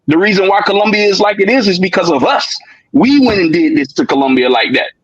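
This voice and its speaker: Male guest, emphatic casual talker, slightly high husky voice, muffled dry remote audio. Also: a little fast, fairly bright tone, no echo. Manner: emphatic, asks "you know what I'm saying?" often. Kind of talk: casual chat.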